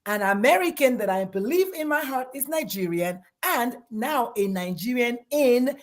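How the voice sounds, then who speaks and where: Female physician guest, high voice, fervent and emphatic. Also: lively intonation, moderate pace. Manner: passionate, emphatic, emotional praise. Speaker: guest, pediatrician.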